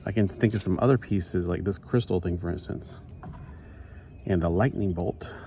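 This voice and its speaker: A man's voice: sits low, moderate pace. A man chatting casually in a rambling, self-interrupting way while he builds a toy set. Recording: steady background noise.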